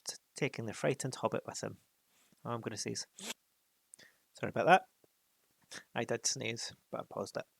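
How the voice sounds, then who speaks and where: Gravelly man reading a storybook aloud. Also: medium pitch, dry recording. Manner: unhurried read-aloud with spoken asides. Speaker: reader.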